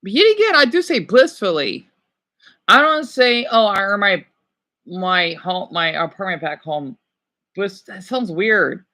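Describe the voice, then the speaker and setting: An excitable man chatting on a stream, his voice bright and tense as he reads questions aloud. His pitch swings widely from line to line, and he breaks in with quick exclamations and replies to his chat. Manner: animated, exclaiming, talking back to chat. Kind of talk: casual reactive chat, reading quiz questions aloud.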